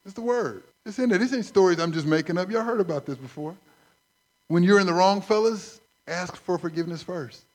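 A man preaching a sermon, conversational and animated, acting out stories. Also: sits high, a little fast. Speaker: pastor.

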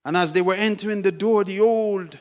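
A woman's voice: mid-range voice, fairly quick. A woman preacher telling a story in an emphatic, dramatic sermon style.

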